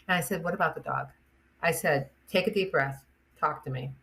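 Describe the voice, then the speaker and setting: An older woman, a chiropractor guest on a podcast, telling animated anecdotes and acting out the voices of the people in them. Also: deep voice, fairly quick. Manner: animated, acts out the voices in her stories, laughs often. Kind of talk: anecdotal storytelling.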